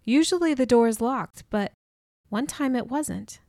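A contrite, soft-spoken man pleading for forgiveness in a storybook reading, as the woman narrating puts him on. His voice is subdued and sits a little high. The recording is dry and close. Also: expressive, a little slow, no echo. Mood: remorseful. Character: remorseful adult man, gentle, pleading.

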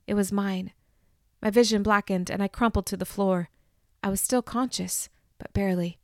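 Audiobook narrator: woman, measured expressive first-person reading, mid-range voice. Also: medium pitch, no echo, clean studio sound.

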